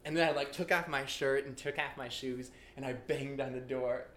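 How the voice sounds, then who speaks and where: A young man in casual conversation, telling an animated story with lots of fillers and laughter. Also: medium pitch, moderate pace, echoey room.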